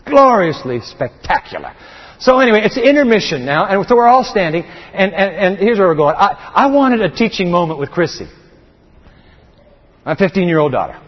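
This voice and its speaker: A man's voice: high-pitched, big pitch swings, moderate pace. A middle-aged male pastor preaching an impassioned sermon, often repeating words and restarting sentences. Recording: reverberant, dull lo-fi sound.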